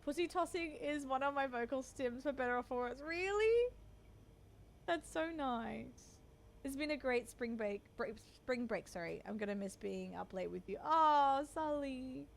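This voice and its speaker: A woman's voice: a little high, brisk, vocal fry, few pauses. A young Australian woman chatting with her viewers as she plays, playful and familiar, calling them doll and babe. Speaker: streamer. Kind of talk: casual live-stream chat while playing.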